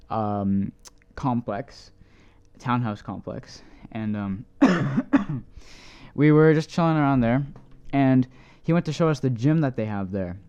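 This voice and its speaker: A man's voice: medium pitch, darkish tone, clean tone, muffled recording. A young man, a podcast co-host, telling a long story in casual chat, full of "like" and the odd swear. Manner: rambling, many "like"s, swears casually.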